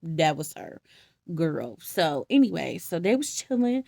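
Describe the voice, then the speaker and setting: A young woman telling a story in casual slang, animated, laughing often and acting out the quotes. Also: sits low, measured pace, creaky, no room sound, clean studio sound. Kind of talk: casual comedic Bible retelling.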